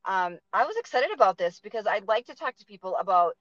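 A woman's voice: medium pitch, expressive, quick pace, no echo, lo-fi sound. A woman with a Boston accent hosting a casual interview, talking chattily with lots of fillers. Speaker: podcast host.

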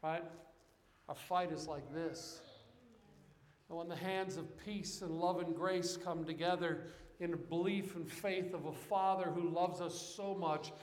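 A man with a very high voice preaches a sermon in a church sanctuary. He swings from fervent shouts down to hushed, close appeals. His voice rings with the long reverb of a big, roomy hall. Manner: passionate preaching, rising to shouts and dropping to quiet. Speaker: pastor.

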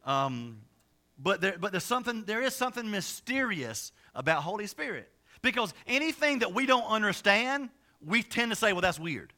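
High, bright-voiced energetic male pastor. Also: moderate pace. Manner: energetic, conversational, many restarts and asides. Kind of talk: sermon.

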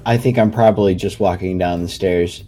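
A man's voice: low voice, steady tone, normal speed, mellow, soft background music. A man playing a tabletop game, describing his character's actions in a laid-back, rambling way. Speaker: player.

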